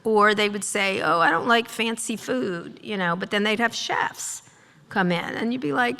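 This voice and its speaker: A middle-aged woman speaks as a guest at a live stage talk, with a voice of medium pitch. She tells stories in a sardonic, profane way and keeps slipping into quick imitations of other people. Her voice carries a long reverb from a large hall. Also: vocal fry, sharp tone. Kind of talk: on-stage storytelling conversation. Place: live event hall with audience.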